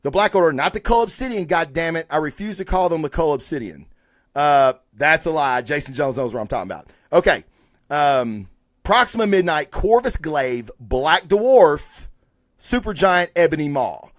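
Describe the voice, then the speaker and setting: Male stream host reviewing comics: casual, rambling, profane, slightly high-pitched voice, dry close sound. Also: expressive, moderate pace, no echo.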